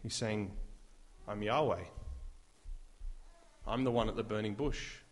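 A man preaching a sermon, emphatic and full of rhetorical questions, rising to loud declarations. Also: on the low side, a little slow.

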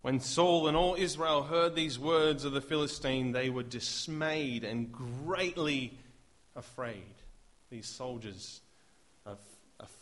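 A man preaching a sermon, emphatic and full of rhetorical questions, rising to loud declarations. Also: medium pitch, takes it slowly.

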